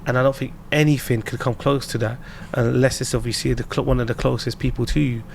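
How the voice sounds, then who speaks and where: A man with a London accent, a guest entrepreneur on a podcast, chatting casually and telling lively anecdotes with slang. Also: mid-range voice, fast, creaky, a little hiss or hum. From England. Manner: animated storyteller, laughs while telling anecdotes, slangy.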